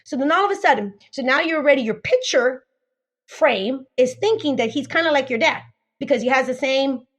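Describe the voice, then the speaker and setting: A woman coaching on dating, her high voice leaping all over as she acts out little scenes. She talks emphatically and repeats herself for effect. She swears casually along the way. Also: expressive, fairly quick. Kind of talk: animated teaching with acted-out stories.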